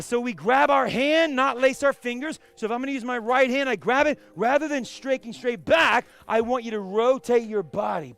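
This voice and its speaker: Gravelly man barking karate commands. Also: sits high. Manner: barks short commands and counts, shouting kiais. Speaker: karate instructor. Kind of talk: live martial arts class instruction. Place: karate studio.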